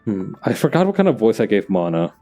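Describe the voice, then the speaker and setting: A man's voice: lowish voice, big pitch swings, quick pace, dark tone, soft background music. A man making loose, joking asides while dubbing a game himself. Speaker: fan dubber and streamer. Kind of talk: casual commentary between lines.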